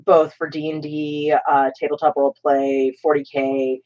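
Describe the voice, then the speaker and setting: A woman's voice: sits low, flat delivery, moderate pace, darkish tone. A woman with a grainy voice, chatting casually and joking with plenty of fillers as co-host while crafting. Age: adult with children. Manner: rambling, joking, many fillers. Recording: slightly muffled stream audio.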